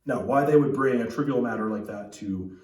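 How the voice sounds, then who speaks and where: A man's voice: medium pitch, brisk, a little mellow, roomy sound, far from the mic, rough recording. A man preaching a sermon as a pastor, talking in a conversational way with frequent restarts and asides. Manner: conversational, with many restarts and tag questions. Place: church.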